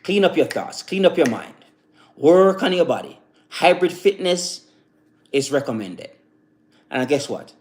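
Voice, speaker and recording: A man hosting a live stream, giving a casual motivational talk that rambles and repeats, full of "you know" fillers. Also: a little high. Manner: recites slow calm affirmations.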